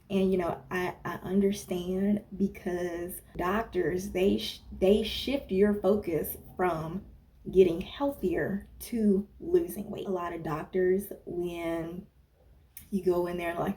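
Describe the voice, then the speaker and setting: A woman's voice: on the low side, steady tone, slow, mellow. A woman wellness coach and former personal trainer giving casual fitness advice in a chatty way, often checking in with "okay?" and wandering off on asides. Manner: chatty, tags points with "okay?", digresses and laughs at herself. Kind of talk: casual talking-head advice monologue.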